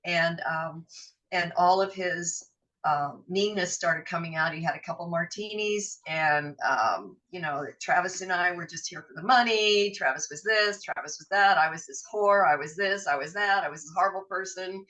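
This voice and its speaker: A woman's voice: on the low side, normal speed, bright, forceful tone, far from the mic, low-quality recording. A middle-aged woman, a podcast guest, telling a frank personal story in vivid detail, acting out what people said and swearing now and then. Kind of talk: emotional personal storytelling in an interview.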